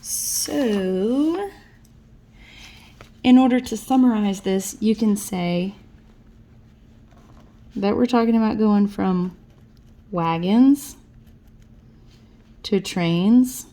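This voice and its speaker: Tired late at night, a woman teacher with a medium-pitched, dark-toned voice slowly and patiently walks students through their notes in a recorded lesson.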